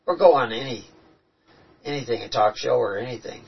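A man's voice: mid-range voice, brisk, gravelly, breathy edge. A man telling earnest, reflective stories about his spiritual experiences in a casual talk. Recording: dull, distant-sounding recording.

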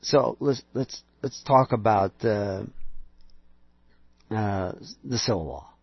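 A man's voice: on the low side, slow pace, creaky, husky, no echo. A man preaching an emphatic lecture, full of rhetorical questions and sarcastic asides, on a dull lo-fi recording.

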